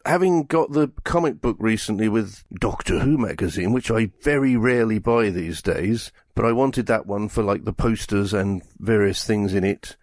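A man's voice: lowish voice, moderate pace, hardly any pauses, no echo, studio quality. A man in his fifties chatting casually as a podcast co-host, telling rambling stories and acting out quotes. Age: 50s. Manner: rambling, animated storytelling with acted-out quotes. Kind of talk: casual chat.

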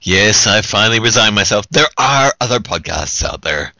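A man's voice: fairly low pitch, animated, normal speed, creaky, pushed and bright, no echo, lo-fi sound. A man giving a joking, tipsy holiday greeting as a podcast guest, giggly and singsong.

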